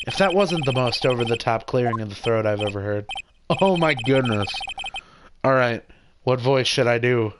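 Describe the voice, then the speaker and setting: A man's voice: mid-range voice, lively intonation, normal speed. Joking male streamer over game music. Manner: casual, joking asides. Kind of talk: reading a game aloud on stream. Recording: loud game music behind.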